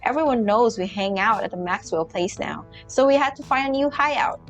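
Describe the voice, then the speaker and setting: A bratty teenage girl with a high, snotty voice, put on by a woman reading a game's lines. She snaps back defensively at every adult, sulky and irritated, with faint game music under her. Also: expressive, a little fast.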